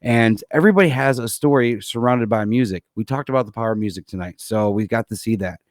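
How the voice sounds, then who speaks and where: A man's voice: lowish voice, fast talker, no echo, studio quality. A man hosting a live music podcast, chatting casually and rambling a little, calling everyone man and dude. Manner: easygoing, rambling, calls people man and dude. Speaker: podcast host. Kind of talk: casual live-show chat. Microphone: computer setup for a live stream.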